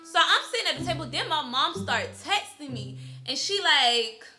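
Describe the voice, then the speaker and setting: A young woman vlogger telling a story to her viewers in an animated, slangy, chatty way. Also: sits high, moderate pace, soft background music. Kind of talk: casual storytime.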